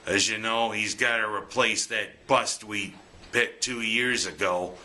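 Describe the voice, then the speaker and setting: A man's voice: fairly low pitch, steady tone, a little slow, bright, forceful tone. A man giving jokey, punning scripted sports commentary as host. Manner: jokey, punning, breaks into goofy singing.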